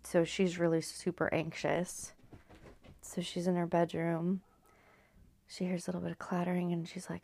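Rambly chatty woman, grew up in california, lots of vocal fry, half whispering sometimes. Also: on the low side, monotone, moderate pace, pauses often, darkish tone. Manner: rambling and chatty with swearing, drifting in and out of a near-whisper. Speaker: video host recapping a story. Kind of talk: casual recap chat.

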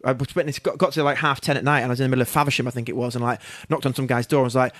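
A man, a guest in a studio, telling stories in a quick, animated way. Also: mid-range voice, dry recording. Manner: rapid, animated storytelling with laughs. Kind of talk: casual chat.

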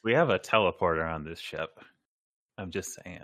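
Deep voice, deadpan jokes, podcast co-host, dry close sound. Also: normal speed, no echo. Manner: deadpan joking asides. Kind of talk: casual chat.

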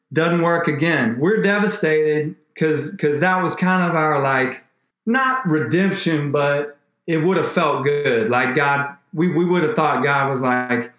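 Animated man in an echoey room. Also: a little high, unhurried. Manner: animated, rambling, restarts often. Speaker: podcast guest. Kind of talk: emotional faith story in conversation.

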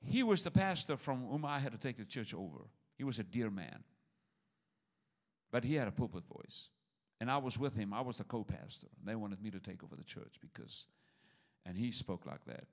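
A man's voice: fairly low pitch, sing-song, normal speed, creaky. An older man preaching a sermon to his church, humorous and repetitive, with stammered restarts. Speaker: pastor.

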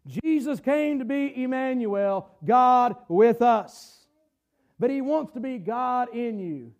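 A middle-aged man preaching a sermon as pastor, emphatic, repeating phrases and rising at times to shouts. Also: very high voice, slow, muffled recording.

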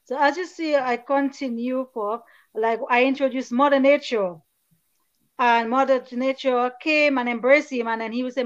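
A woman who is a children's book author, talking in an interview and reading passages from her book in soft, slow quoted voices. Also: high voice, steady tone. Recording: dull lo-fi sound.

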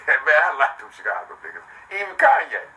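An older man, a podcast guest, telling boastful stories in a brash, animated way, swearing often and swinging between loud and low. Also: fairly quick. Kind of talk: boastful storytelling in casual chat. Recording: distant mic with faint noise.

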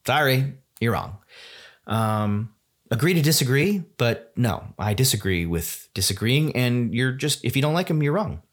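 A man's voice: mid-range voice, animated, unhurried. A man hosting a solo podcast at home, rambling enthusiastically with many fillers and restarts. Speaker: podcast host. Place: home room.

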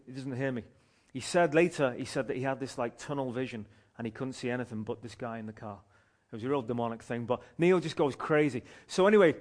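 A man, a street pastor telling a story from the pulpit in an animated way, often restarting his phrases. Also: medium pitch. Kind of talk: sermon testimony storytelling.

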